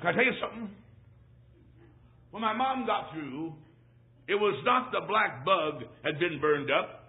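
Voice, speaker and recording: A man preaching as a traveling evangelist at a church service, telling a humorous personal story, swinging between shouts and hushed asides. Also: sits high, expressive, a little slow. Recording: tinny lo-fi phone-like recording.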